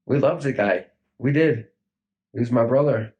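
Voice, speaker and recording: A man in his thirties speaking in a recorded police interview, halting and grief-stricken, with many fillers and trailing pauses. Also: mid-range voice, muffled recording. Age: 30s.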